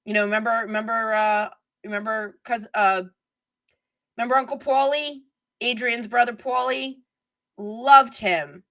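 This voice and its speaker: A woman's voice: on the high side, steady tone, unhurried, sharp tone. A middle-aged woman hosting a live stream, chatting casually and digressively while reading viewer comments.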